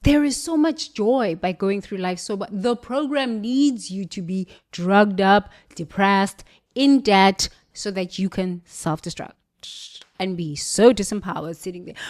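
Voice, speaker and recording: A woman with a British accent giving an emphatic spiritual motivational monologue, preachy, with sudden jumps in pitch and volume. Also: normal speed, fairly bright tone. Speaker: motivational speaker.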